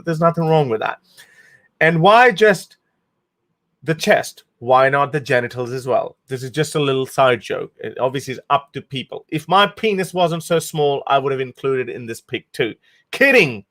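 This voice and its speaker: A man's voice: medium pitch, expressive, moderate pace, fairly bright tone. A man hosting a livestream, talking casually in an amused, sarcastic way with frequent laughs and restarts. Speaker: host.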